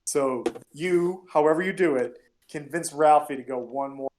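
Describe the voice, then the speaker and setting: A man runs a tabletop role-playing session, narrating scenes and calling for dice rolls in a loose, rambling way with lots of fillers. His voice sits a little higher than most men's. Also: moderate pace, a little mellow, a little hiss or hum. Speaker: game master.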